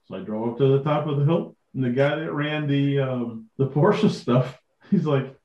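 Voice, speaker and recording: A middle-aged man, a podcast guest, telling casual stories with lively acted-out dialogue and frequent laughs. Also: a little high, moderate pace. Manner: animated, acts out quoted dialogue, laughs often. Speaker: guest, vintage tractor collector. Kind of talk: casual anecdotal storytelling. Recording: echoey, dull lo-fi audio.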